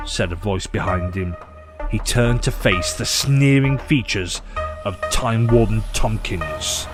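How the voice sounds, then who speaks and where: A man narrating an audio short story in a measured, expressive way. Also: on the low side, over music.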